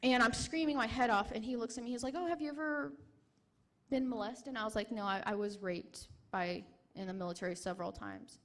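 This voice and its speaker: A young adult woman, a military veteran, giving a personal testimony at a conference in an emotional, halting way with many restarts. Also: medium pitch, steady tone, fairly bright tone.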